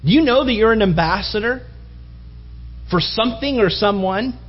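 A man preaching a sermon in an animated, mocking way, building to emphatic appeals. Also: high voice, moderate pace, dull audio. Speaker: pastor.

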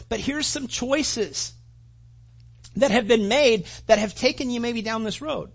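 A man preaching a conversational sermon, animated and full of restarts and acted-out asides. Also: very high-pitched, normal speed, husky. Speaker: pastor.

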